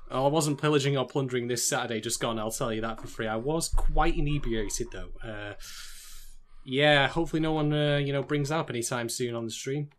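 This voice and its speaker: A man's voice: mid-range voice, brisk. A man co-hosting a podcast, wry and self-mocking, laughing often in casual chat. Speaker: podcast co-host.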